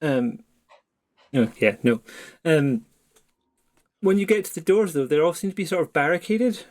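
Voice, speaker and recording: Relaxed man narrating as game master. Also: a little high, moderate pace. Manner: relaxed, conversational narration with fillers. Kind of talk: narrating a tabletop horror game.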